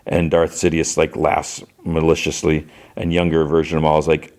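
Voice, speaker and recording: A man's voice: very deep voice, completely flat delivery, normal speed, darkish tone. A man hosting a podcast, retelling a show episode in a rambling way, with lots of "he's like" and fillers. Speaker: podcast host. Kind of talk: casual episode recap.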